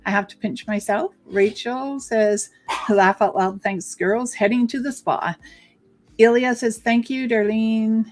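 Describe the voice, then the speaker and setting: A chatty woman co-hosting a live card-reading stream. Her voice sits a little high, and she runs through viewer comments one after another in a relaxed, friendly way. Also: unhurried. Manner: chatty, reads viewer comments aloud, laughs easily. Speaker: co-host psychic reader.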